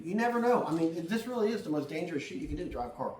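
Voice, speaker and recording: A blunt, foul-mouthed middle-aged man explains driving and parking in a casual demonstration. His voice sits a bit high and sounds distant, bouncing around an echoey room with faint background hum. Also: lively intonation, rapid-fire, hardly any pauses. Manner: blunt and profane, acts out other drivers. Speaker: driving advice presenter.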